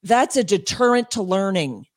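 A woman speaking as an interview guest and homeschool advocate, emphatic and quick, with frequent laughs and restarts. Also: medium pitch, animated. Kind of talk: passionate interview talk.

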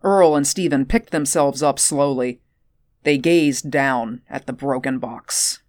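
A woman narrating an audiobook at a measured, steady pace. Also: very deep voice, no room sound.

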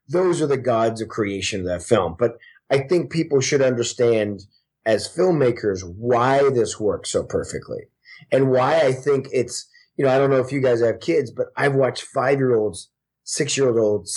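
A man in his forties talks as a podcast guest, with a slightly husky, breathy voice at a middle pitch. He tells stories with animated energy and drops profanity freely. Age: 40s. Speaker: guest actor. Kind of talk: casual podcast chat.

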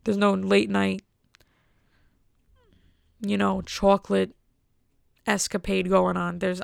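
Gravelly young American woman rambling casually. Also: medium pitch, no echo, clean studio sound. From United States. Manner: rambling, enthusiastic, wry. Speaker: vlogger. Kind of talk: casual monologue.

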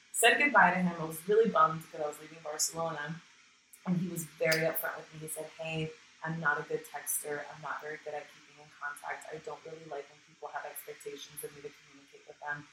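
A woman talking frankly and casually in a conversation, swearing freely and often acting out what she said. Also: low-pitched. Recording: roomy sound from some distance with faint noise.

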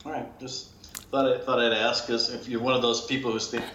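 A man's voice: mid-range voice, flat delivery, fairly quick, fairly bright tone, roomy sound, dull audio, slight background noise. A middle-aged man interviewing a guest on a podcast in a genial, joking way. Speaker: interviewer, radio veteran.

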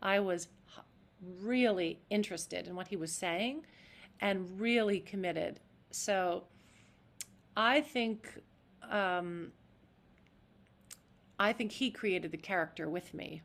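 An actress talking as a podcast guest in an animated, demonstrative way. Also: female voice, mid-range voice, slow, gravelly, long pauses. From United States. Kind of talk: interview.

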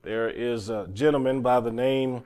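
A man's voice: mid-range voice, steady tone, a little mellow. Earnest preacher man. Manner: earnest, halting storytelling with repeated words. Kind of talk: sermon testimony.

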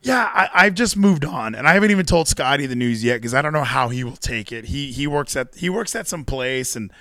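A man's voice: mid-range voice, animated, brisk, pushed and bright, dry recording. A man co-hosting a casual podcast, ranting with sarcasm and mock quotes. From Texas. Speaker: co-host.

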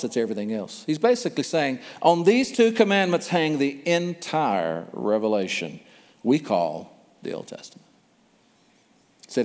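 Animated male preacher in an echoing hall. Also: mid-range voice, moderate pace. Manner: vivid storytelling, repeats for emphasis. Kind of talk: sermon. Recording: long hall reverb.

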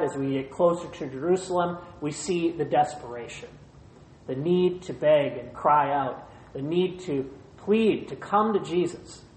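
A pastor preaching a sermon in short, measured phrases, retelling a scripture passage. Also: medium pitch, darkish tone. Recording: roomy echo.

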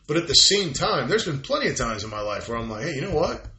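A man talks in a loose, casual conversation, swearing freely and slipping into voices for the people he quotes. His tone is bright and his pitch swings widely. The room around him rings with echo. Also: fast. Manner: animated, profane, acts out quoted voices.

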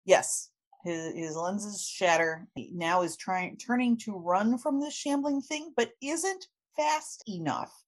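A podcast host with an expressive, mid-range voice recaps a comic book story at a slow pace. She's chatty and laughs often, with her talk full of fillers.

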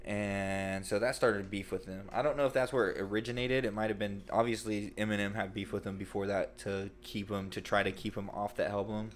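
A man's voice: on the low side, steady tone, fairly quick, hardly any pauses. A man hosting a casual podcast chat, rambling with many fillers and blunt opinions.

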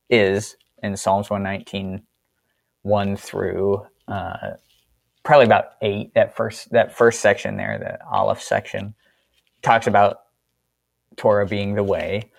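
A man's voice: fairly low pitch, takes it slowly, gravelly, dry recording. A man co-hosting a casual Bible-study discussion in an easygoing way. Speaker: co-host of a faith discussion.

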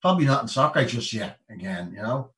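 A man's voice: medium pitch, sing-song, fast talker, bright, forceful tone. Middle-aged irish guy rambling through an interview, keeps saying you know, a bit far from the mic. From Ireland. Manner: rambling, full of "you know what I mean". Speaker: interview guest, retired Olympic boxer. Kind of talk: casual storytelling interview.

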